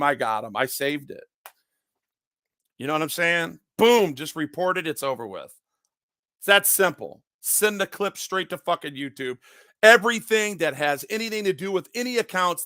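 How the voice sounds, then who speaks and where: A man's voice: sits high, pushed and bright, dry recording, studio quality. A man ranting in an unscripted monologue, agitated and profane, often repeating himself. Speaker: online commentator.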